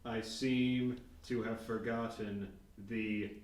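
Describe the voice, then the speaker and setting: A man's voice: mid-range voice, little pitch movement, takes it slowly, lightly acted. A man voicing a sappy, doting wife in a tabletop game scene. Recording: roomy, distant mic, faint noise.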